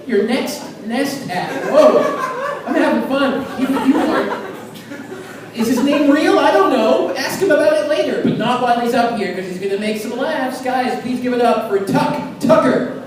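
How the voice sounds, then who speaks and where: A woman's voice: sits high, moderate pace, crowd noise. A woman emcee at a comedy club, giggly and playful as she brings on the next comic. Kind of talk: introducing the next act. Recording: echoey club room from far off with noise.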